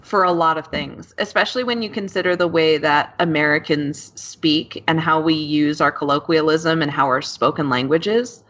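A woman who translates, chatting casually in a relaxed, agreeable way. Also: sits low, normal speed, hardly any pauses. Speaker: translator and co-host. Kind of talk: casual podcast chat. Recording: dull lo-fi sound.

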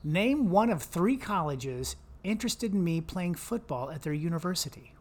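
A man's voice: fairly high pitch, sing-song, normal speed. Playful man co-hosting a casual chat. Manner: playful, teasing. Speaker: podcast co-host.

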